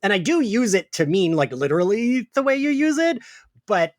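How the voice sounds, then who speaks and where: A man's voice: high-pitched, sing-song, moderate pace, dry recording. A man co-hosts a podcast in loose, rambling chat and keeps circling back mid-sentence. His voice moves animatedly up and down, and the sound is dry and close. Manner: rambling, full of "like" and restarts. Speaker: podcast co-host. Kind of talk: casual chat.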